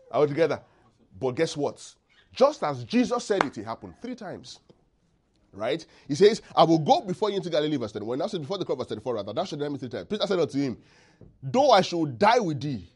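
A male preacher delivering a sermon with a voice that swoops up and down, full of expressive rises and falls. He keeps checking in with his listeners and leaves gaps in the verses for them to call back the missing word. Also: on the high side, fast, breathy edge. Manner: call-and-response, asks congregation to finish verses.

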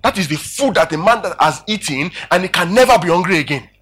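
A man preaching a sermon, animated and emphatic, calling out questions to his congregation. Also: high voice, quick pace, husky. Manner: emphatic, animated preaching with rising and falling volume.

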